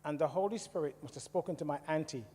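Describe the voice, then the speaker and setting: Man from the West Indies telling his story to a congregation in a chatty way; warm, somewhat high voice in a hall with long reverb. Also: fast, slightly rough. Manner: conversational, asks the audience questions. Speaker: church speaker. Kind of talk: testimony talk to a congregation. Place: church hall.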